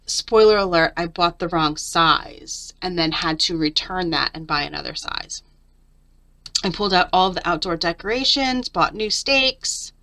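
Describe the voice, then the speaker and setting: A woman's voice: lowish voice, sharp tone. A middle-aged woman chatting candidly through a journal flip-through, venting about her week. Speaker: papercraft vlogger.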